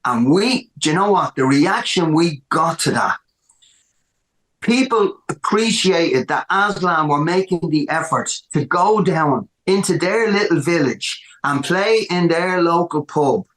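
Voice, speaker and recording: A man with an Irish accent, a musician telling stories in a casual interview, animated and repeating words for emphasis. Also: fairly high pitch, unhurried, reverberant. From Ireland. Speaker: musician guest.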